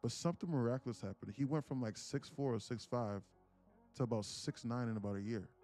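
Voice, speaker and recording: A man's voice: medium pitch, soft background music. Young man telling a profane story. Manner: profane, animated, fast. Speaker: day-trading livestream host. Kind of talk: casual storytelling.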